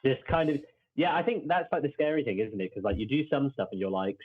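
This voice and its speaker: Fast-talking man on a phone-like line. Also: medium pitch. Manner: rambling, many fillers and restarts. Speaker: podcast host. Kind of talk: casual chat.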